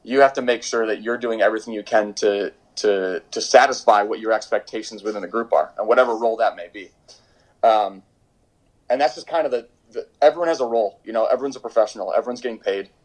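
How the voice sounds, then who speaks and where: A young man with a fairly low voice tells stories as an interview guest. He rambles in a relaxed, chatty way, piling up fillers and restarting sentences as he goes. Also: fast, poor audio. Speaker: professional soccer goalkeeper, guest. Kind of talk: casual interview storytelling. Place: home during quarantine.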